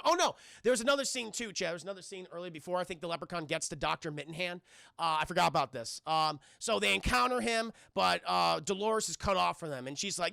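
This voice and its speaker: A man with a bright, heavily gravelly voice talks his viewers through a film scene by scene. He rambles, swears freely and jumps all over his high range. The close mic sounds dry. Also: brisk, no room sound. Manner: animated, profane, rambling with many fillers. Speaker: streamer reviewing films. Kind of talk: casual scene-by-scene recap to a live chat.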